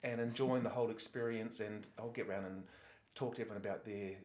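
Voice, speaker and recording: An earnest Australian man answering interview questions in a relaxed, conversational way. He hesitates often, with ums and restarts, as he searches for the right words. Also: on the low side, a little fast. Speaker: former student and artist, interviewee.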